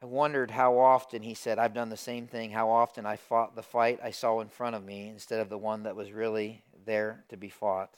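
A middle-aged man preaching a sermon as pastor, swinging from hushed asides to loud emphatic lines. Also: on the low side, flat delivery, moderate pace, few pauses, clear, resonant tone.

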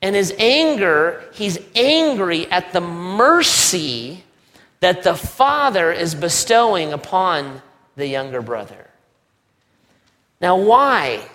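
A male pastor preaching a sermon in a conversational, animated way, with joking asides. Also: sits high, slow. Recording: long reverb of a large hall.

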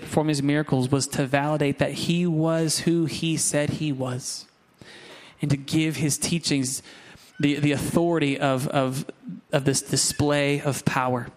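Pastor, male, higher-pitched voice, animated and chatty from the pulpit. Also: normal speed. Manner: animated, conversational preaching with asides to the congregation. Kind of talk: sermon.

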